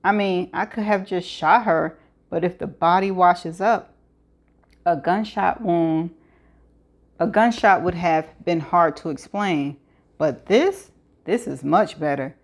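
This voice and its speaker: A woman's voice: on the low side, slow. A woman voicing a cold, calculating male killer who talks in a weary, mocking way.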